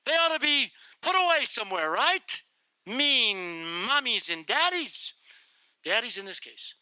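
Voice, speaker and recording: A middle-aged man telling a testimony to a youth group and praying, in an animated, comic, repetitive storytelling manner. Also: extremely high pitch, a little slow, dry recording, rough recording. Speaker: guest speaker to youth group.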